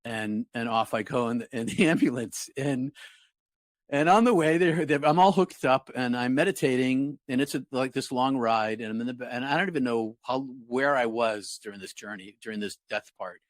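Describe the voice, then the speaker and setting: An earnest man in his sixties tells a personal story with reflective calm, pitched right in the middle for a man. The sound is close and dry, with no room around it. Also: normal speed, no room sound. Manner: earnest, reflective, acts out his own past words. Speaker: interview guest.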